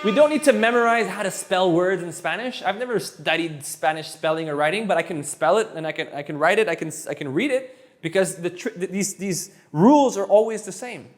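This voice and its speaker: A high-pitched man who grew up speaking French teaches Spanish one-on-one. He talks in an animated, playful way, often repeating words and tossing in jokes. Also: brisk. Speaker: Spanish tutor. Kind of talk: energetic one-on-one language lesson.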